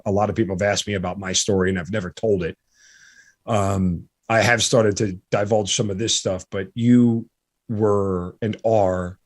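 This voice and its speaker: A man's voice: lowish voice, a little mellow. A middle-aged man hosting a podcast interview, talking casually and with feeling, stopping and restarting often with many fillers. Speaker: podcast host.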